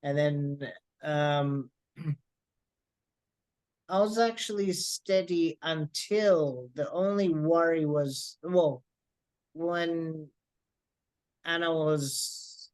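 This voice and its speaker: A man answering interview questions very slowly, halting and clearing his throat between thoughts. His voice is a bit high for a man and sounds close and dry, with no room echo. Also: a little mellow. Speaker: patient's husband.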